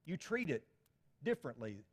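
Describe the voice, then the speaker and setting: A man's voice: fairly high pitch, sing-song, moderate pace. A middle-aged man preaching a sermon as pastor, talking to the congregation conversationally with rhetorical questions. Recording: long hall reverb.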